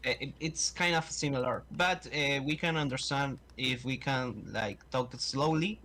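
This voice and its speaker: Halting man. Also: medium pitch, sharp tone. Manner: halting, searches for words. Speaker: guest on stream. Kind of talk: casual chat.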